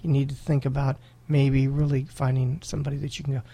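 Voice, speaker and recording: A man who is a pastor, chatting casually on a podcast, earnest and laughing often, with halting restarts. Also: medium pitch, flat delivery, vocal fry, dark tone.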